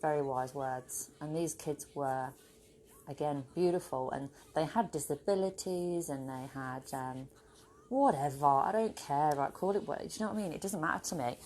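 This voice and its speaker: A woman's voice: low-pitched, moderate pace, a little mellow, slight background noise. A woman vlogging casually to a camera on a tripod at home, rambling and swearing freely. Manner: rambling, swears freely, bursts into laughter and playful voices. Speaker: spiritual vlogger. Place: home with her dog.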